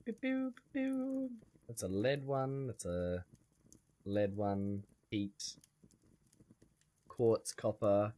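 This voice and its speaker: A man streaming a survival game, rambling in a wry way and chatting with his viewers. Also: lowish voice. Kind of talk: casual gameplay commentary.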